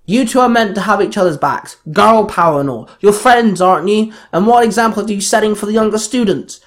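A brisk young woman ranger who barks commands at unruly students, voiced by a man reading the story. She is stern, commanding and quick to scold, and the voice sits a little high. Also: natural voice. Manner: barking, commanding.

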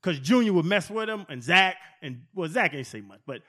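A man in his forties, a former football player, telling profane, animated stories as a podcast guest. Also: sits high, fairly quick. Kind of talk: casual storytelling.

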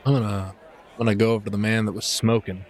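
A man's voice: lowish voice, level tone, fast, darkish tone. A man taking part as a player in a tabletop game, laid-back and joking.

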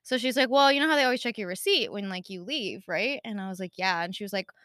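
Woman, bright clear voice, dry close sound, animated storyteller, casual podcast chat. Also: mid-range voice, fast talker, no echo. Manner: animated storytelling, acting out quotes. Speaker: podcast co-host.

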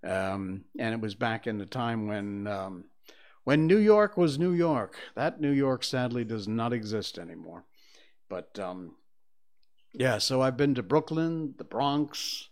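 An older man from Connecticut talks at a middling pitch from his studio. He rambles in a loose, opinionated monologue, stopping and restarting with plenty of ums and uhs. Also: animated, a little slow, a little mellow. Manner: conversational, digressive, with many fillers. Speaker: talk show host.

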